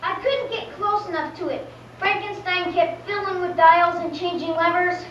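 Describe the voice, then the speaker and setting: A woman's voice: very high-pitched, steady tone, normal speed, a little hiss or hum. A woman playing an anxious young helper on stage, reporting eagerly. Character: anxious young helper, son or daughter of the hero. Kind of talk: amateur stage play. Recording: echoey hall, distant mic, dull sound.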